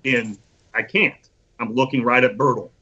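A man casually telling an animated, profane anecdote and acting out the quotes. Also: medium pitch, normal speed, husky. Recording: dull lo-fi recording.

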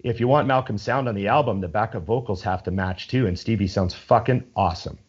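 Low-voiced man rambling enthusiastically. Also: a little fast, husky, lo-fi sound. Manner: rambling, enthusiastic, swears freely. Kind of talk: casual chat.

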